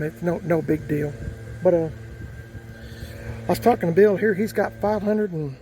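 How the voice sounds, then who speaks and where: A man's voice: sits high, warm tone, slight background noise, rough recording. A man telling a rambling, folksy story outdoors, with lots of fillers and restarts. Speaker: vlogger. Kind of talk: casual storytelling.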